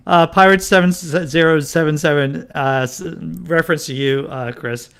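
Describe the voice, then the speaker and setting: A man's voice: a little high, steady tone, moderate pace, vocal fry, fairly bright tone. A man from Boston co-hosting a casual livestream chat, talking in a wry, emphatic, teasing way. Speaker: co-host.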